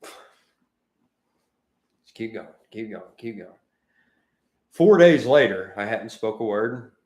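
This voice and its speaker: A chatty man co-hosting a podcast and telling his stories with lively energy. His voice sits on the low side, and the room around him rings with a noticeable echo. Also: takes it slowly. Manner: talkative, animated anecdote teller. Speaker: podcast co-host. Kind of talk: casual storytelling chat. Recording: roomy echoey room.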